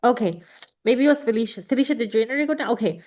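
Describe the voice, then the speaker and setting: A woman's voice: on the high side, lively intonation, very fast. A woman instructor leads a student panel over a video call. She talks in an emotional, rambling way, full of fillers and restarts. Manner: warm, emotional, chatty with many fillers. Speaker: panel moderator and college instructor. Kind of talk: casual emotional panel talk.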